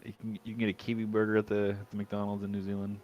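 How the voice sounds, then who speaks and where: A man's voice: lowish voice, completely flat delivery, racing, darkish tone, muffled recording. A man co-commentating a sim race, laid-back with chuckling asides. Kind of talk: sim racing commentary banter.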